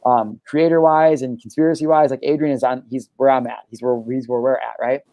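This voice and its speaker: Fast-talking excitable young man. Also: mid-range voice, dry recording. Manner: excitable, profane storytelling full of "bro" and "dude". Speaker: podcast host. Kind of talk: casual chat.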